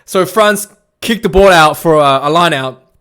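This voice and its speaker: A man's voice: fairly high pitch, a little slow, fairly bright tone, smooth. A man giving a casual, rambling recap of a rugby match as a fan reviewer, full of restarts and fillers. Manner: rambling, many restarts and fillers, laughs while retelling.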